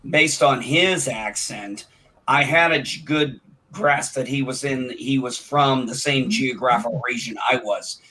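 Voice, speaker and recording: A man's voice: mid-range voice, measured pace, pushed and bright, poor audio. A man from Illinois with a Midwestern accent tinged with Southern, chatting on a video call in a rambling way. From Illinois, near St. Louis. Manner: rambling, restarts often. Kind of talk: casual chat.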